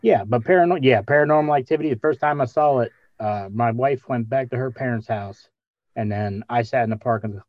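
A man's voice: medium pitch, fairly quick, no room sound, muffled recording. A man in his thirties telling a self-mocking story in a casual podcast chat. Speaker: podcast panelist.

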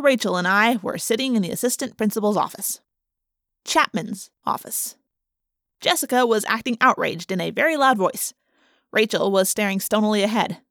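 A woman reading a first-person novel aloud in an expressive, wry, conversational way. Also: medium pitch, no echo, clean studio sound. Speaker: audiobook reader.

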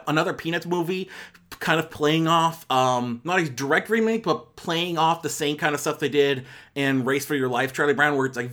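A man's voice: fairly high pitch, fairly bright tone. A man giving a casual spoken film review on a podcast, rambling and self-correcting with many fillers and exasperated asides.

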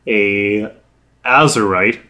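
Low, unhurried man running a tabletop game. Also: pushed and bright. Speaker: game master.

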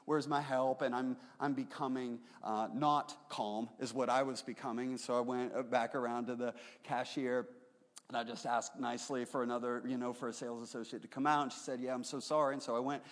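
Pastor preaching in an echoing hall. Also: male voice, medium pitch, flat delivery, brisk. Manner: conversational storytelling, rising to emphatic preaching. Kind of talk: sermon. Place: church sanctuary. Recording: roomy hall reverb.

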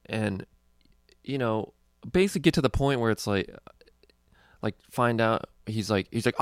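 A young man who does stand-up talks in a loose, rambling way, cursing freely as he goes. His voice sits low and has a gravelly fry to it. The sound is dry and close, with no room around it. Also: moderate pace, pauses often, no room sound. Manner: rambling, profane, laid-back. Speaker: stand-up comedian. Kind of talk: casual chat.

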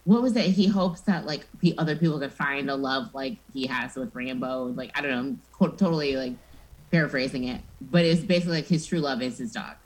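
A woman co-hosting a podcast in casual chat, animated and quick to act out what others said. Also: very deep voice, low-quality recording. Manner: animated, quoting people in put-on voices. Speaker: podcast co-host.

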